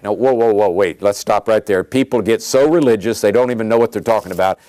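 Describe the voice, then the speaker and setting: A man preaching a sermon in an emphatic, animated way, often repeating phrases for stress. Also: lowish voice, fast, hardly any pauses, no echo.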